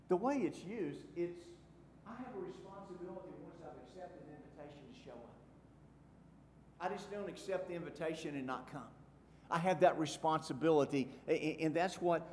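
Man preaching in an echoey hall. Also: on the high side. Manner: emphatic, swinging from soft asides to loud stresses. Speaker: pastor. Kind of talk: sermon. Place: church sanctuary. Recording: echoey hall with faint room noise.

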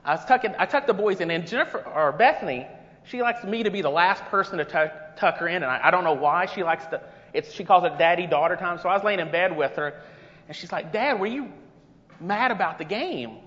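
Man, guest preacher, folksy conversational sermon, high voice, reverberant, muffled lo-fi sound. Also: fast talker, a bit bright. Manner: folksy and conversational, with rising energy. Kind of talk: sermon with personal stories. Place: church sanctuary. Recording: long reverb, dull lo-fi sound.

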